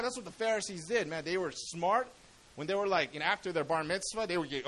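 A man's voice: sits high, fast talker, fairly bright tone, rough recording. A man preaching a sermon in a casual, slangy way, often asking the congregation questions.

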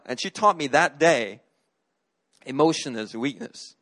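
A man's voice: a little high, animated, measured pace, fairly bright tone. A middle-aged man from Korea, a pastor preaching a sermon, telling a personal story in an earnest way with frequent restarts.

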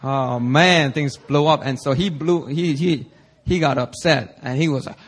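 Animated young male preacher telling a story. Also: on the high side, normal speed, slight background noise. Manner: animated storyteller, acts out quoted voices. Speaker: pastor. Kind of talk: sermon with personal storytelling.

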